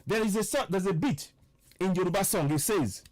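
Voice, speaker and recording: A man's voice: sits high, darkish tone, no echo. A man giving an impassioned political livestream address as an online radio broadcaster, preaching and repeating points with emphasis. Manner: preaching, repetitive and emphatic, slows for stress; greets viewers by name mid-speech.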